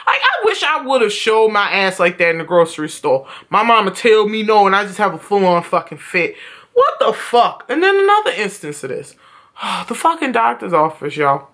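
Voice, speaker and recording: A woman's voice: medium pitch, sing-song, moderate pace, a bit bright. A young woman vlogging at home, telling stories in a blunt, profane rant. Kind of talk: casual vlog rant.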